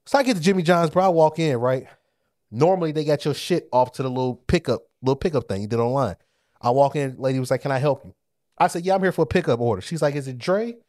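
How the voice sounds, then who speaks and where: A man co-hosting a podcast, telling a story in casual chat, animated and profane, often laughing as he goes. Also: a little high, quick pace, no echo, studio quality. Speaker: podcast co-host.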